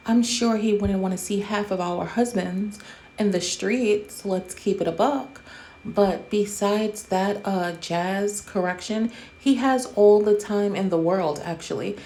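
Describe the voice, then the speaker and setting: A woman's voice: medium pitch, a little slow, mellow. A woman hosting casual commentary, bluntly roasting someone with a lot of profanity. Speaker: commentary host.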